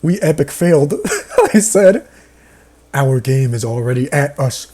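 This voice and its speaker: Expressive and unhurried, this man has a warm, slightly rough mid-range voice. He reads out a horror story and pokes fun at it with sarcastic comments, laughing and bursting out along the way as reader and commentator.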